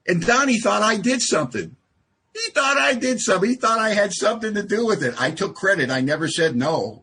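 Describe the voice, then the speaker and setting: A man's voice: fairly high pitch, a bit bright, breathy edge. A man speaking at a support group meeting, telling a personal story with self-deprecating, wry humor. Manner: self-deprecating, wry, acts out quoted exchanges.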